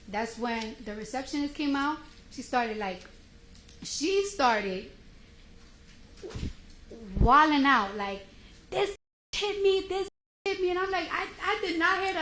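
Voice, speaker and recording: A woman testifying in court, telling her story in an animated, slangy way and acting out the quoted dialogue. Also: high voice. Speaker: trial witness. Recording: roomy courtroom audio with faint noise.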